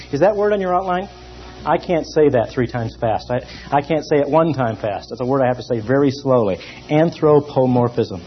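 A man teaching a theology class in a lively, emphatic lecture style, pausing often. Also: medium pitch. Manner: lively and emphatic, with many pauses. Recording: dull lo-fi recording.

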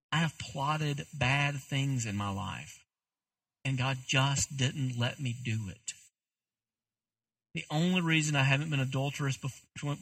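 A man's voice: medium pitch, fairly bright tone. A man, a pastor, preaching a sermon in a candid, conversational way with self-deprecating asides.

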